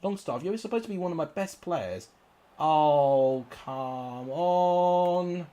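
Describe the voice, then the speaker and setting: A man's voice: on the high side, expressive, slow, mellow, dull audio. Exasperated man commentating his game. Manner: frustrated, exclamatory, swears at players. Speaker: gaming YouTuber. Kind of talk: live gameplay commentary.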